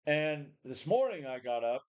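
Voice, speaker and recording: A tired man who runs a home gym vlog rants casually at the camera, his voice a little high, smooth, very animated and a touch slow. The talk is rambling and foul-mouthed, full of repeats and restarts.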